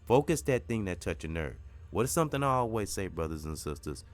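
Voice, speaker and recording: In a low voice with big swings in pitch, a middle-aged podcast host briskly preaches a forceful spiritual pep talk. He repeats his points and curses occasionally, with faint music playing behind him.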